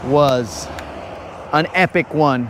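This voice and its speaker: Slow-talking joking fishing streamer, man. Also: fairly high pitch, noisy background. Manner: joking, teasing, playfully rambling. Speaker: fishing livestream host. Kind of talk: casual live-stream chat to viewers. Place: outdoors on a lake.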